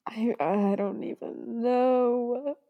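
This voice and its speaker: A young woman co-hosts a fan podcast with a slightly high voice. She gushes and squeals in casual chat and laughs often. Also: steady tone, very slow, phone-quality sound. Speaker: podcast co-host.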